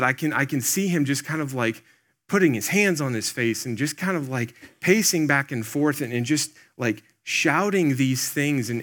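A man's voice: medium pitch, fairly bright tone. Earnest man preaching a casual sermon. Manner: earnest, speaks directly to the congregation; loose and plain-spoken, with many "like" and "um". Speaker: pastor. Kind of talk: conversational sermon.

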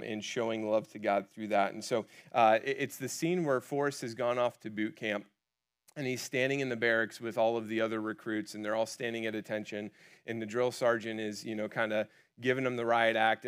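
A man's voice: on the low side, clean tone. A man preaching a conversational sermon in a casual way, with frequent fillers and restarts. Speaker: pastor.

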